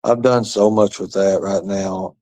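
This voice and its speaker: A man's voice: deep voice, steady tone, a little slow, mellow. A man hosting a livestream, rambling and taunting as he answers chat comments, with profanity and muttered asides. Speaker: livestream host. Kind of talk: rambling live-stream chat reading comments.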